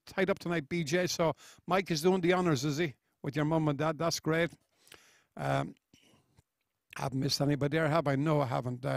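A man's voice: on the high side, no echo, studio quality. A man hosting a live stream, chatting casually, reading out viewers' greetings one by one with friendly, rambling asides. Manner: chatty and friendly, with frequent uh fillers. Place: small studio.

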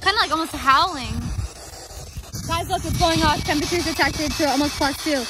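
A young woman vlogging outdoors in a cemetery, excitable and jumpy, with nervous laughs. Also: high-pitched, fairly quick, background noise. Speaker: paranormal vlogger. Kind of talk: casual vlog commentary. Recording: outdoor ambience and passing vehicles.

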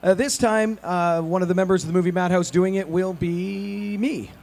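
A woman's voice: on the low side, steady tone, moderate pace, darkish tone. A convention panel host asking questions casually, giggling and stumbling over her words. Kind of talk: casual interview hosting. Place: convention hall.

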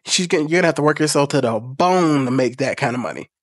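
A man talks straight to camera in a blunt, earnest way, with plenty of swearing and emphatic peaks. His voice sits a bit higher than most men's. The sound is dry and close, with no room echo. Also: animated, fast talker. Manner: emphatic, rising to forceful peaks. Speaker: YouTube commentator. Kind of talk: reaction commentary.

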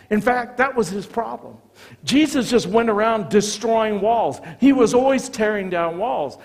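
An American man, a visiting pastor, preaching a sermon with animated storytelling, acting out the dialogue of the people in his stories. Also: sits high. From United States. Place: church sanctuary. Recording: long church reverb.

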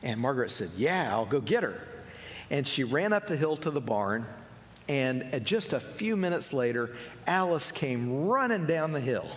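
A male preacher tells a story to a congregation at a mid pitch. He speaks gently and voices each person in the tale. His voice rings with the long reverb of a big meeting hall. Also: big pitch swings, normal speed. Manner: gentle storyteller, voices the people in his tale, drops soft and low for tender moments. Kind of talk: sermon storytelling.

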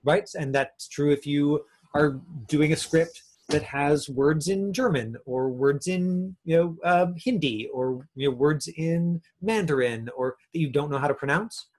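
A man's voice: a little high, measured pace, few pauses, darkish tone. A man teaching an acting class over a video call, in a chatty way with lots of fillers. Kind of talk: casual online class talk.

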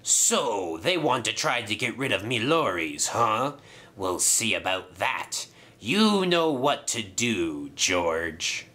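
A man voicing a gruff, scheming male pirate sailor in a low growl. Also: very animated, takes it slowly, sharp tone, full character voice.

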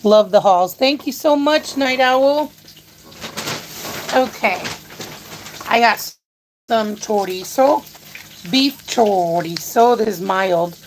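A woman talks slowly through her grocery haul on a live stream, rambling and chatty as she addresses her viewers. Her pitch sits in a middle range, and a faint hum of noise stays under her voice. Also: expressive, poor audio.

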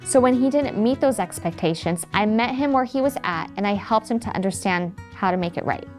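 A woman's voice: mid-range voice, lively intonation, brisk, darkish tone, soft background music. Woman narrating a teacher training video. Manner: friendly, acts out quoted phrases. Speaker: trainer for educators. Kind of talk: scripted instructional narration.

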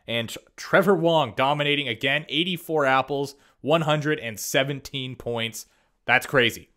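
A young man giving casual, excitable commentary over a sports video game simulation, reacting quickly and laughing as he reads out stats. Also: medium pitch. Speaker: gaming YouTuber.

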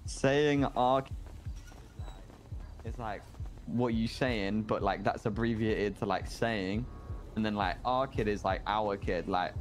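A man's voice: fairly low pitch, takes it slowly, pauses often, soft background music. A British man chatting casually in a roleplay game, teasing his friend with lots of British slang. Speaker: roleplay player.

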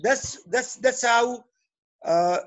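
A man's voice: very high-pitched, extremely slow. Teacher, male, Nepali English accent, repetitive explaining style with frequent "okay?" check-ins. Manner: repeats and restarts phrases, checks in with "okay?". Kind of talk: classroom lecture.

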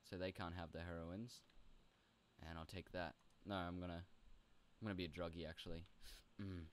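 A young man chatting playfully while playing a role-play game, often jumping into high goofy bits. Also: little pitch movement, brisk, slight background noise. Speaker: gaming video host. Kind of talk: casual role-play commentary.

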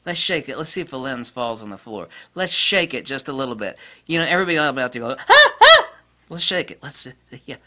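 Bright-voiced, blunt man ranting about gear. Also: medium pitch, fast, few pauses. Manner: blunt, crude and excitable, with bursts of laughter. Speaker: camera gear reviewer. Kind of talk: casual product review vlog.

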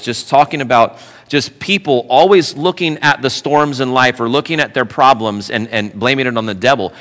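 A male pastor preaching in a church sanctuary, his voice bright and forceful. He talks in an animated, conversational way and drops in playful asides. The sound rings with the long reverb of a large hall. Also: mid-range voice. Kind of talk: sermon.

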